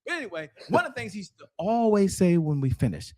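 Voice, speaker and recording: A man's voice: high-pitched, big pitch swings, fast talker, dark tone. A middle-aged man, a sales strategist guest in an interview, telling stories energetically and addressing viewers directly in a preacher-like way.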